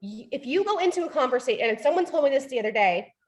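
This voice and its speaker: A young adult woman with a high voice leads a live sales training session. She talks in a chatty, informal way, leaning on "like" and "right?". She slips into short acted lines to show how a customer might talk. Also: animated, fast talker. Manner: frequent "like" and "right?" fillers.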